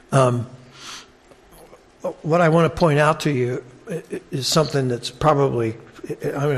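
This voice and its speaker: Conversational male Bible teacher, medium pitch, casual explanatory tone with frequent asides. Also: a little mellow, husky.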